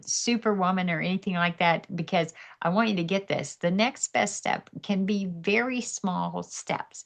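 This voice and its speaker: A middle-aged woman tells her personal testimony in an earnest, animated way, acting out her own inner dialogue. Her voice sits on the low side with a gravelly, creaky texture. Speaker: podcast guest sharing testimony.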